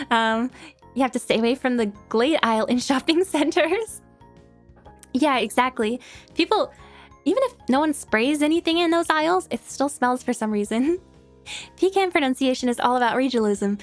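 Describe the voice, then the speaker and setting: Young woman, New York accent, high bright voice, giggly casual stream chat over faint music. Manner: giggly, lots of fillers and restarts. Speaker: streamer answering viewer questions.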